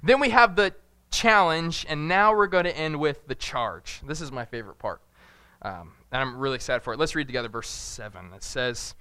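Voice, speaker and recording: Casting: young male preacher, bright and fairly high voice, casual and animated, dry close sound. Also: normal speed, clear, resonant tone, no echo. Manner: animated, jokey, acts out voices with big pitch jumps. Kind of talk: casual sermon.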